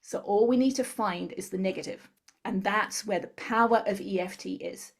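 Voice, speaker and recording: A woman guest in an interview, calmly explaining a tapping technique step by step. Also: mid-range voice, normal speed, vocal fry. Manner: calm step-by-step instructor. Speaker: guest, tapping therapy practitioner.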